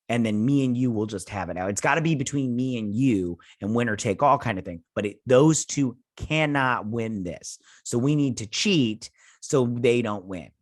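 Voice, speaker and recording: A man hosting a casual episode recap, rambling with lots of fillers and quick paraphrased lines from characters, close on a desk mic. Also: medium pitch, no room sound. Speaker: show host.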